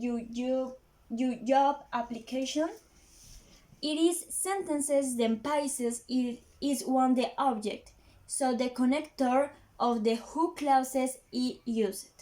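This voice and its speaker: A high-pitched woman whose first language is Spanish talks through English grammar points. She goes slowly, with frequent "uh"s and halting restarts, like a student giving a class presentation. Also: dark tone. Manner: slow, halting, many fillers and restarts, non-native phrasing.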